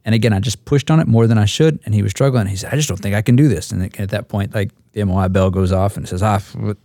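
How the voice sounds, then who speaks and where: A man who is an instructor pilot, telling a story at a roundtable in a halting way with many repeated words. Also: on the low side, mellow, dry recording, studio quality.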